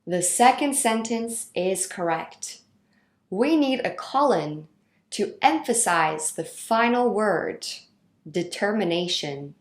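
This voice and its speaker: A woman reading out a grammar lesson in a clear, instructional way. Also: medium pitch, roomy sound. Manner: slow, clear instructional delivery. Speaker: teacher. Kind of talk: scripted lesson narration.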